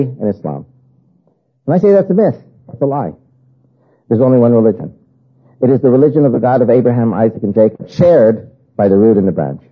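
An older man from the United States giving an emphatic preaching talk to an audience, with a husky voice and hammering, repeated lists. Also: mid-range voice. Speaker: guest speaker. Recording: tinny phone-like recording.

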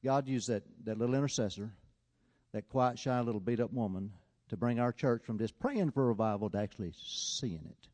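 A man preaching a sermon, telling a story and swinging between loud, urgent appeals and quiet, hushed passages. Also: mid-range voice, moderate pace, in a large hall.

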